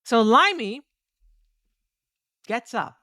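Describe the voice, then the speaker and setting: A woman recounting a tournament over her match footage in a candid, profane, animated way. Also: fairly high pitch, very slow, dry recording, studio quality. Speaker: streamer and competitive fighting game player.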